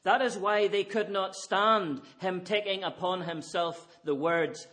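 A man's voice: high-pitched, steady tone, measured pace, hardly any pauses, a bit bright. A man preaching an evening sermon, earnest and emphatic, pressing his listeners with repeated rhetorical questions.

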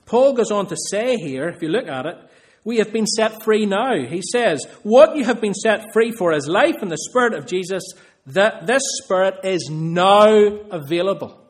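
A man preaching a sermon in a somewhat high voice. He speaks earnestly and builds his points by repeating phrases. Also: expressive, moderate pace.

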